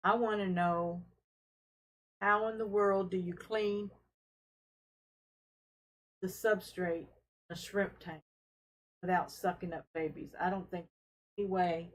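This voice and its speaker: Slow-talking woman hosting a fish stream. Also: lowish voice, fairly even intonation, low-quality recording. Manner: unhurried, friendly, talks while showing tanks, with fillers. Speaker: host of a fish-keeping live stream. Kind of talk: casual live-stream chat. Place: home fish room, indoors. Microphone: handheld camera she carries around.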